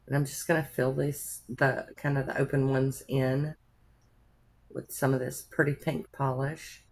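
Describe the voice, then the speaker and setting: A woman's voice: very deep voice, little pitch movement, a little slow, creaky, breathy edge. A woman narrating a nail art tutorial in a chatty, rambling way, with homey asides to her viewers.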